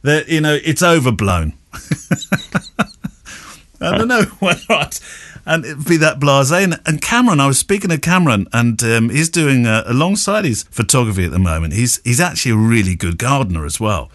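A man's voice: mid-range voice, expressive, normal speed, a bit bright, no room sound. A man co-hosting a podcast, rambling and chuckling as he corrects himself. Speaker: podcast co-host. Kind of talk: casual podcast chat.

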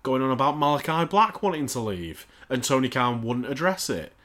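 A man's voice: medium pitch, lively intonation, normal speed, fairly bright tone. Man, podcast co-host, exasperated, sarcastic, swears a lot, casual rant. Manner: heavily profane, exasperated, sarcastic ranting.

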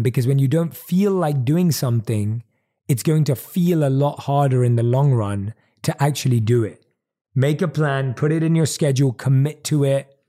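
A man's voice: a little high, dark tone. A man hosting a podcast, giving earnest motivational advice and repeating his key points at a desk microphone. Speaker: podcast host. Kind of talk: motivational monologue. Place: home recording desk.

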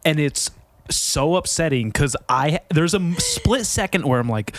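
A man's voice: fairly high pitch, lively intonation, unhurried, background noise. A man hosting his own podcast in casual chat, joking and mischievous, rambling as he talks. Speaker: podcast host.

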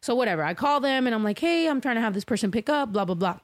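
A woman's voice: a little high, expressive, fast talker, no echo. A woman telling a rambling, profane story in casual chat, acting out the people she quotes.

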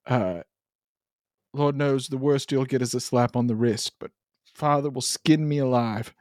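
A man's voice: medium pitch, a little slow, darkish tone, no echo, clean studio sound, lightly acted. A man voicing a cautious young man who is reluctant to join his brother's scheme, in a tabletop game. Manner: hesitant, worried, reluctant.

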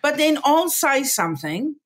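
A woman's voice: high-pitched, very animated, normal speed. A woman, a comedian chatting bluntly and directly as a guest. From South Africa. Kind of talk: casual chat.

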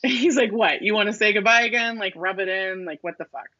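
A woman co-hosting a casual chat, retelling a TV scene and acting out its lines softly. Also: medium pitch, a little fast. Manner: acts out quoted lines, softens into a hush. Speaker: podcast co-host. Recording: dull, muffled dry sound.

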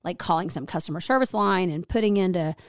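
A woman's voice: fairly low pitch, fast talker, clean tone, no echo. Chatty woman co-host, dry sound. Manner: chatty, filler-heavy, animated storytelling. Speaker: podcast co-host. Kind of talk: casual podcast chat.

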